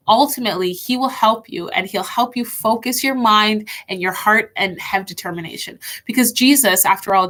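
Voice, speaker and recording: A young woman gives a kids' church talk, sharing a personal story in an earnest and chatty way. Her voice sits a little high and sounds bright and forward. She keeps turning to the children and calling them guys. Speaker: kids' ministry speaker.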